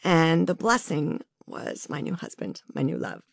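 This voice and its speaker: A woman guest in a candid sit-down conversation, talking frankly and reflectively about herself. Her pitch moves a lot as she speaks, rising and dipping with feeling, and the recording is close and dry with no room sound. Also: animated, unhurried, gravelly, dry recording. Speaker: interview guest.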